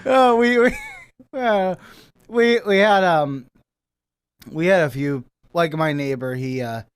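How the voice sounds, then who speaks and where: A man's voice: on the high side, slow pace, clean tone, no room sound, clean studio sound. A young man co-hosting a radio show, telling stories in casual chat, full of fillers and goofy put-on voices. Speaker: radio co-host.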